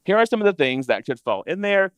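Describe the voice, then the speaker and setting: A man presenting to an audience of interior designers in a chatty, animated way, acting out what clients say. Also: sits high, brisk, smooth, no room sound. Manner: animated, conversational, acts out clients' complaints. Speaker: interior design business educator. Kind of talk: live presentation to a seated audience.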